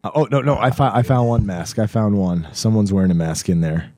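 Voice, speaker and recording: A hoarse young man co-hosts a podcast, his voice worn and going. He talks in an animated, rambling way. His tone is mellow and dark, recorded close and dry. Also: fairly low pitch, fairly quick, no echo. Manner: animated, rambling, says "dude" and "bro" a lot. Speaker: podcast co-host. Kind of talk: casual chat.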